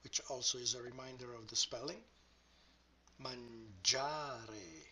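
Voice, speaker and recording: A man teaching a grammar lesson, speaking deliberately and modelling each example word aloud. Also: medium pitch, fairly even intonation, a crowd in the background. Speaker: language teacher.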